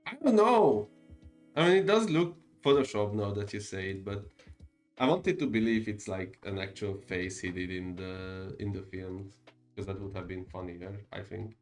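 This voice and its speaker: Casual art streamer, man in his thirties with a deep voice, rambling and hesitant, sitting back from the mic with faint music behind. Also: normal speed, distant mic. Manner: rambling, hesitant, corrects himself mid-sentence. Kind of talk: casual chat while drawing on stream.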